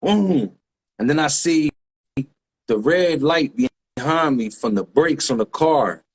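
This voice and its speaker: A man, a graffiti writer guest telling a story in lively street slang with sound effects. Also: on the high side, slow, breathy edge. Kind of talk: animated storytelling.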